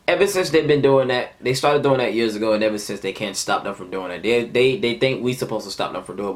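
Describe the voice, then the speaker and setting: A man in his twenties telling a heated, profane story of a fight at work in a casual vlog. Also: fairly low pitch. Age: 20s. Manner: animated, profane, heated retelling. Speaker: vlogger.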